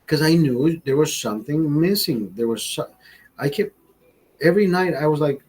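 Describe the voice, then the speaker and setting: Podcast host, 40s, male, husky, profane storyteller who mimics the people in his story. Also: on the high side, moderate pace, low-quality recording. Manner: profane, animated, acts out quoted voices. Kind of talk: crude storytelling monologue. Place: studio.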